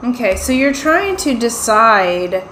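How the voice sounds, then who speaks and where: A woman giving a pick-a-card tarot reading, talking in an unhurried, reassuring way and often checking in with her listeners. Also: a little high, sing-song, fairly bright tone, soft background music. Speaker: tarot reader. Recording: roomy echo, faint ambient noise.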